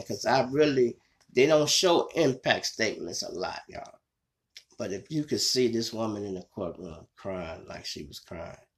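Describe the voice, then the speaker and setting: Hosting his own show, a man with a Chicago accent and a lowish voice recounts a true-crime story in a relaxed, conversational way, frequently calling his listeners y'all.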